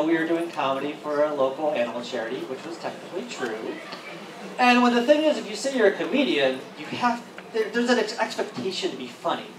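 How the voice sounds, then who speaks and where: A stand-up comedian doing a set, rambling and profane, often breaking into laughter. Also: mid-range voice. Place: event hall at a convention. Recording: roomy, distant, with noisy ambience.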